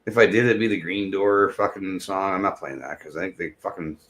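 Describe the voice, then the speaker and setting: A man's voice: sits low, fairly even intonation, brisk, fairly bright tone, a little hiss or hum. A middle-aged man chatting casually on a live stream in a rambling, jokey way, with lots of swearing.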